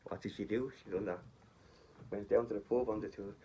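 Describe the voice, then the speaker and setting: A man's voice: lowish voice, fairly even intonation, quick pace. Guy rambling through a story to his viewers, bit dull phone sound, faint hiss. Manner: rambling, chatty, addresses listeners directly. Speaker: vlogger. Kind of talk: casual storytelling.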